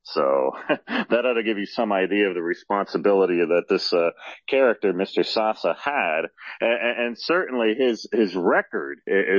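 A man appearing as a guest on a radio talk show, speaking haltingly with many fillers and spelling names out letter by letter. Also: fairly low pitch, a bit bright, no room sound, dull audio. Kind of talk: conversational radio interview.

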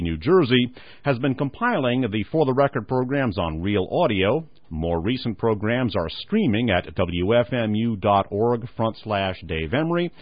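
A man's voice: mid-range voice, dry recording. A man hosting a radio program, reading newspaper articles aloud and commenting on them. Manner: reads quotes then comments, says "skipping down". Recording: dull lo-fi radio recording.

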